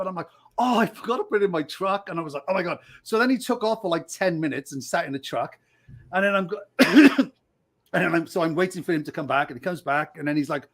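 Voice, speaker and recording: A man's voice: a little high, animated, fast talker. A middle-aged man telling stories on a podcast, laughing often and acting out the voices of people he quotes. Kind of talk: casual storytelling.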